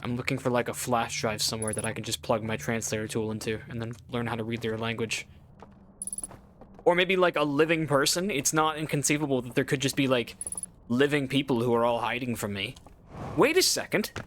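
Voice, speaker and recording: A let's play gamer with a mid-range, fairly even, slightly bright voice talks fairly quickly while playing, rambling casually, thinking aloud and using lots of filler words. There's slight background noise.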